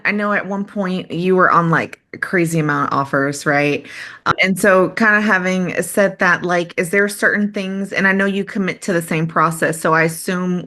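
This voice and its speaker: A woman's voice: fairly low pitch, bright, forceful tone. A woman in a class asking a question hesitantly, apologizing and hedging. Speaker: class participant.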